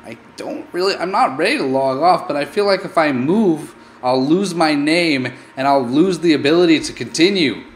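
Animated, melodramatic male game commentator. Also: fairly high pitch, moderate pace, few pauses, a little hiss or hum. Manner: playfully melodramatic, mock-scared exclamations. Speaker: gaming channel host. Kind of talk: let's play commentary.

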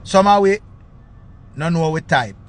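A Jamaican man giving loud, excitable commentary on his channel, often repeating his phrases. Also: a little high, a little slow. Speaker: vlogger. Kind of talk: casual commentary.

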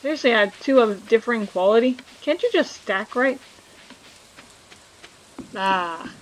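A woman's voice: a little high, expressive, measured pace, a little hiss or hum, poor audio. A woman hosting a casual let's play, chatting and joking with viewers as she plays. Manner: reads game dialogue aloud. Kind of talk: casual gameplay commentary.

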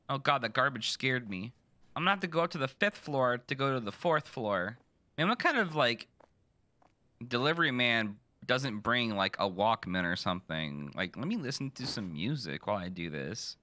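A young man streaming a horror game, swearing and joking with loud reactions. His voice is very bright and his pitch swings a lot, recorded dry on a close mic. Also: lively intonation, normal speed, no room sound. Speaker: gaming streamer. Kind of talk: casual let's-play commentary.

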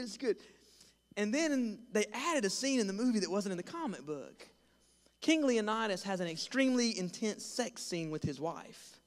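A young man preaching as a pastor, telling a funny story and acting out voices with lively, self-deprecating energy. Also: sits high, big-room sound. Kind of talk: storytelling sermon. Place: large church hall.

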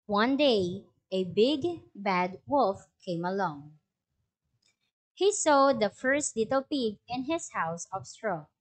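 A woman's voice: medium pitch, animated. A woman teacher with a Filipino accent, giving an online lesson and reading a story aloud, asking pupils questions. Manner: slow, careful, questions to pupils.

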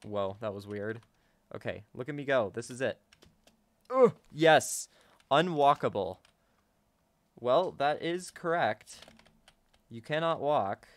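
A young man casually commenting on his own gameplay to viewers, excitable and chatty, often gasping and laughing. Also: mid-range voice, a little slow, long pauses, dry recording. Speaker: gaming YouTuber.

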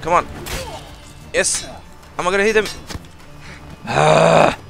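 A man hosting a let's play, giving casual commentary full of excited exclamations and rambling asides. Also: high-pitched, normal speed. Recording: commentary over loud game music. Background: game music.

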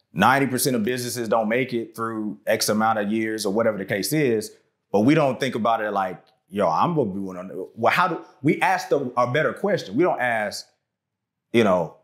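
A man on a marriage talk show giving a motivational point, asking rhetorical questions and answering them himself. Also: medium pitch. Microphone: lapel mic.

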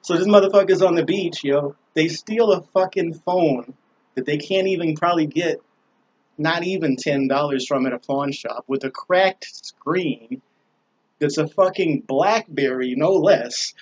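A man's voice: a little high, measured pace, slightly rough, dull audio. A man vlogging from a small balcony, rambling and swearing through a laid-back casual story with lots of fillers. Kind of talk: casual profane monologue. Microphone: camera on a small balcony.

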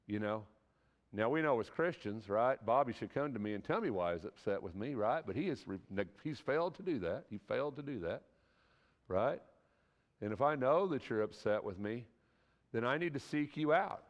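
A man's voice: medium pitch, animated, moderate pace, long reverb tail, dull audio. A man teaching a church class in a conversational sermon style, earnest and folksy, often asking the class rhetorical questions.

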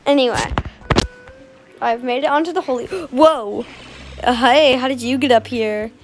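Female gamer, high-pitched, slow-paced, playful commentary full of gasps and squeals. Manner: excitable, playful, gasping and squealing. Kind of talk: casual gameplay commentary.

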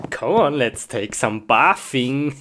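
A woman acting in a comedy skit, talking in playful exclamations and simple, broken English. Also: very deep voice. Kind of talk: acted comedy skit narration. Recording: steady background noise.

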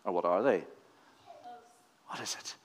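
A man's voice: low voice, a little slow. A man giving a playful children's address in a church service, asking the children questions. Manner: playful, quizzing kids with questions. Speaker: leader of a children's talk in church.

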